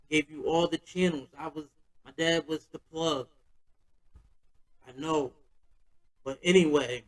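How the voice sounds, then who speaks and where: A man's voice: a little high, low-quality recording. A man hosting a podcast, telling a personal story in a loose, slangy, conversational way. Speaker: podcast host.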